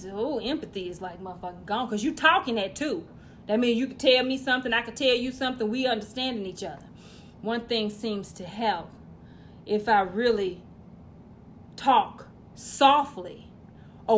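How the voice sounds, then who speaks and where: Woman stand-up comic with a high voice: brash, foul-mouthed, bursts into loud exasperation. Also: a little hiss or hum. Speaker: stand-up comedian. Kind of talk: stand-up routine.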